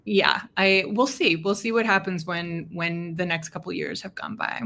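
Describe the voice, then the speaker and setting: A woman's voice: lowish voice, steady tone, normal speed, gravelly, pushed and bright. A woman author speaking in a casual interview over a video call, chatty and laughing often as she tells stories. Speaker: author guest.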